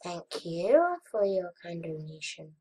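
A young woman chatting casually over her gameplay, murmuring to herself and then bursting into frustrated shouts. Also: on the low side, big pitch swings, takes it slowly, breathy edge. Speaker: gaming vlogger. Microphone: webcam or desk mic.

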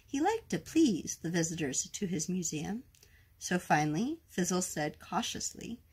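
A woman reading a children's picture book aloud in a gentle, expressive storytime manner. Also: on the low side, slightly rough. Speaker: storytime reader.

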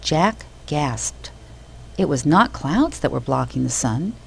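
Woman storybook narrator, very low and gravelly, lively swings in pitch. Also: slow pace, slight background noise, low-quality recording. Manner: expressive, animated reading.

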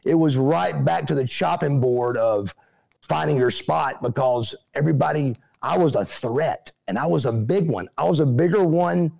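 A middle-aged man, a guest telling animated stories and acting out what people said. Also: on the high side, moderate pace, vocal fry. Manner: animated, acts out quotes in other voices. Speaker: interview guest, former pro wrestler. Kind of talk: casual storytelling.

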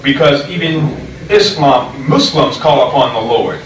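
An American man, a soldier in a debate, calmly trying to make his point while interrupted. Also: medium pitch, a little slow. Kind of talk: conversational debate. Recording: echoey room, voice far from mic, faint noise.

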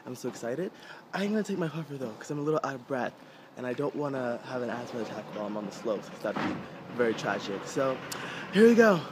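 A young man chatting excitably to his camera while skiing on a snowy mountain, joking at his own expense. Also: medium pitch, fast talker. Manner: excitable, chatty, self-mocking. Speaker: vlogger. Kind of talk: casual vlog chat to camera. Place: outdoors on a snowy ski mountain. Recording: noisy outdoor mountain ambience.

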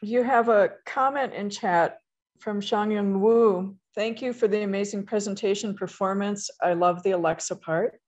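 A woman's voice: medium pitch, a little mellow, highs cut off. Woman reading questions on a call. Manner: measured, reading aloud. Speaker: moderator.

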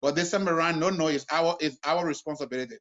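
Halting high-voiced man on a call. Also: a bit bright, muffled recording. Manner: halting, many restarts and fillers. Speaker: new homeowner, guest. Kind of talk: casual testimonial on a video call.

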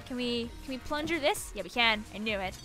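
A young woman streaming a video game, chatting excitably, giggling and shrieking at the screen. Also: a little high, brisk, over music. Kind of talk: gameplay commentary.

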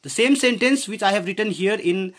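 A man's voice: high voice, a little fast, fairly bright tone. A man teaching a grammar lesson, asking the class questions and saying "okay" often. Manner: explains with frequent questions and "okay", voice drops at phrase ends.

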